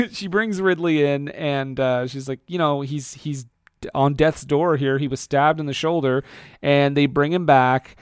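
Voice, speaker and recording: A Canadian man co-hosting a casual comedy podcast about a movie, recapping scenes with quick quoted asides and frequent laughs. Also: on the high side, clean tone, no echo, studio quality. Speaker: podcast co-host.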